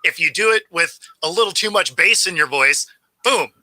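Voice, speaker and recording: A man co-hosting a sports talk show, lively and quick to laugh in a casual chat. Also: on the high side, dry recording, rough recording.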